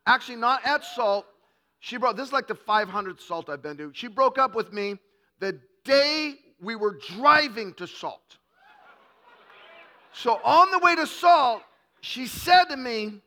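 A man preaching a humorous sermon, telling comic stories with animated delivery. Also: very high voice, measured pace.

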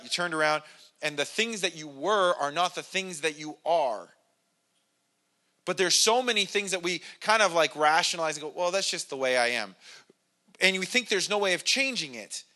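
Man, pastor, bright voice, conversational sermon, self-deprecating, lots of restarts. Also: a little high, moderate pace. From Irish family background. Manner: casual and self-deprecating, with many restarts and acted-out quotes.

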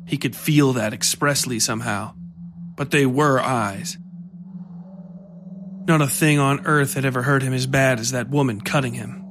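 A man reading a horror story aloud as its storyteller, in a measured, steady way. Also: mid-range voice, background noise. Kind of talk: scripted horror narration.

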